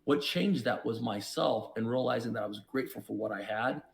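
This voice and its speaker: A man who is a podcast guest, telling his own story in an emphatic, preachy way, with sudden jumps in pitch and loudness. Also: brisk, creaky. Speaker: podcast guest, investor and entrepreneur. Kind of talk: reflective storytelling.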